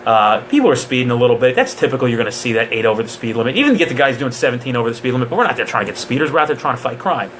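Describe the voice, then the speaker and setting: A man's voice: medium pitch, sing-song, very fast, hardly any pauses, a bit bright, slight background noise. Casual, joking police trainer man. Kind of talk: live Q&A training talk.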